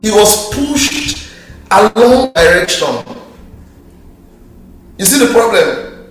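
High-voiced preacher in an echoey hall. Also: male voice, slow, faint music behind. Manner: lively, asks the crowd rhetorical questions, jokes in slang. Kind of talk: sermon. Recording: very echoey hall, mic far off.

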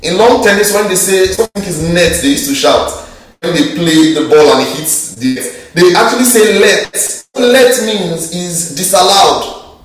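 A man preaching a sermon, lively and joking, with slang and rhetorical questions to the crowd. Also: sits high, moderate pace. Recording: very echoey hall, mic far off.

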